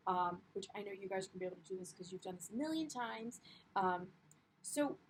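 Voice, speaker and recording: A woman's voice: medium pitch, a little hiss or hum, poor audio. A young woman teaching a primary class, upbeat and encouraging, with frequent ums as she explains the lesson. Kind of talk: classroom read-aloud lesson.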